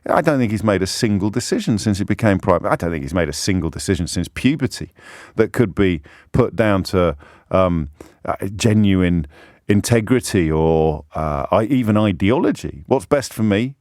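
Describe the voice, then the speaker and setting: A man's voice: deep voice, expressive, moderate pace, darkish tone, no room sound, studio quality. A man hosting a radio show, delivering an impassioned, scornful monologue with emphatic rhetorical repetition. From Britain. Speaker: radio phone-in host.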